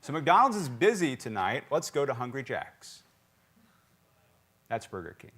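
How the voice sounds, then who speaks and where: With background noise audible, a pastor raised in South Carolina preaches a little slowly in a mid-range voice in the church sanctuary. He's lively, joking, and quizzing the congregation throughout.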